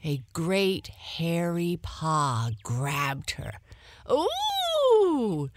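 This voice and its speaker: Woman storyteller, bedtime, very slow, soft, lively melody. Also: fairly low pitch, no room sound. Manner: soft, slow and lulling, dropping to a whisper.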